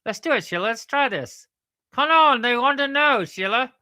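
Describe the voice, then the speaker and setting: A woman's voice: a little high, lively intonation, moderate pace, bright, forceful tone, no room sound, studio quality, voice pushed up. A woman doing a ventriloquist voice for a cheeky male puppet platypus who teases her by name. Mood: teasing. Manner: teasing, keeps calling her by name.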